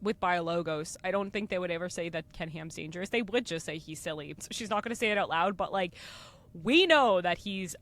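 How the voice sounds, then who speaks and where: A woman co-hosting a casual podcast, expressive and quick to laugh. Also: lowish voice. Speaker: podcast co-host.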